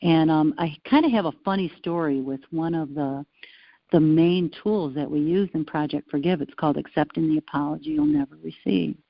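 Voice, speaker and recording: A woman talking as an interview guest, telling stories with an animated, playful manner, on a dull lo-fi recording. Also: sits low, moderate pace, gravelly, dry recording. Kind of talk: casual interview conversation. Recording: dull lo-fi sound.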